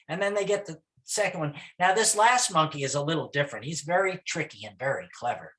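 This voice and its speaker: Gentle guy teaching kids' music, voice goes up and down a lot, encouraging. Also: on the high side, animated, fast, few pauses. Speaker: early childhood music teacher. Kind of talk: teaching talk with songs.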